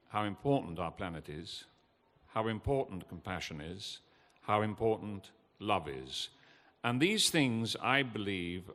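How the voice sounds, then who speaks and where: An older man, giving an impassioned, earnest talk from a festival stage, halting with fillers now and then. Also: on the low side, fairly bright tone. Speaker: guest speaker at a festival. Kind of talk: emotional public talk. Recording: long hall reverb.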